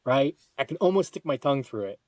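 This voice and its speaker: A man telling a long personal story in casual talk, with many restarts and excited jumps in pitch. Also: fast, no echo. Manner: animated, jumps to high excited quoted lines; frequent restarts and repetitions. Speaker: podcast guest.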